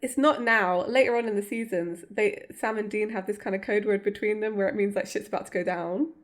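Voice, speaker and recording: A woman's voice: medium pitch, fairly even intonation, brisk. A woman co-hosting a podcast, recapping a TV episode in casual, chatty talk full of fillers and giggles. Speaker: podcast co-host.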